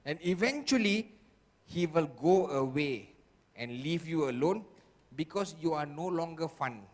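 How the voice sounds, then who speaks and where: Slow, emphatic male seminar speaker in a hall. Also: fairly high pitch, expressive. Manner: checks in with the audience constantly; acts out the voices he quotes. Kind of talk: motivational seminar talk. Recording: long hall reverb.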